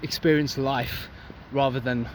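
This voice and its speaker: A man's voice: mid-range voice, fairly even intonation, measured pace. A young man giving a blunt, profane motivational rant outdoors for his vlog. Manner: intense, profane, preachy. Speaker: vlogger. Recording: loud street traffic noise.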